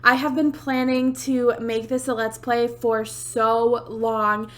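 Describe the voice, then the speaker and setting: Bubbly high-voiced young woman gamer. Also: level tone, takes it slowly. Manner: bubbly, chatty, giggly, self-deprecating. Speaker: Sims gaming YouTuber. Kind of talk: casual let's play chat. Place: home, fireworks outside. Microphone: USB desk mic.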